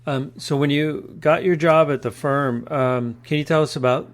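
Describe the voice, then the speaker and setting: A man's voice: a little high, steady tone, normal speed. A man hosting a casual podcast interview, mostly giving short encouraging responses and asking questions. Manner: brief encouraging backchannels. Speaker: podcast host.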